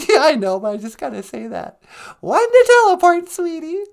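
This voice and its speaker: A man voicing a chirpy, affectionate woman friend on a spaceship in a giggly high falsetto. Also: sing-song, moderate pace, gravelly, exaggerated voice. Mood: playful.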